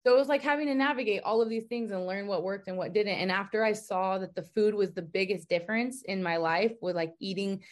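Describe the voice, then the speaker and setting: A woman's voice: medium pitch, brisk, few pauses. A woman guest on a fitness podcast, telling her story candidly and heartfelt, with a lot of "like". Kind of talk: casual interview chat.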